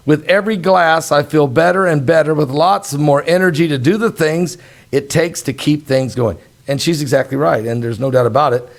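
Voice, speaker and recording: A man's voice: a little high, gravelly. A man hosting a talk show, chatting in an earnest, folksy, rambling way. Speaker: host. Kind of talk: casual talk-show chat.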